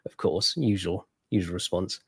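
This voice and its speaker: A man's voice: low voice, moderate pace, fairly bright tone, husky, no echo, studio quality. A man in casual podcast chat, agreeable and chuckling often. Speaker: podcast co-host.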